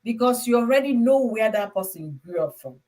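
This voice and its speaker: A Nigerian woman hosting a casual chat, talking in an animated, emphatic way. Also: on the high side, a little fast. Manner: animated, emphatic, slips into acted quotes. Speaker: host.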